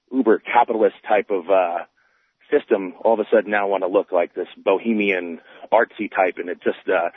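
A man from Long Island calling a radio show, speaking in a hesitant, halting way with lots of fillers. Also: fairly low pitch, slightly rough, dry recording. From Long Island, New York. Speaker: caller. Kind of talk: phone call to a radio show. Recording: tinny phone line.

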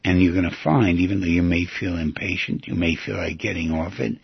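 Earnest guy coaching you through an inner dialogue, raspy and husky, lowish voice, dry flat sound. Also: fairly quick, no echo. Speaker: self-help teacher. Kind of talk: guided instruction. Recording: dull lo-fi recording.

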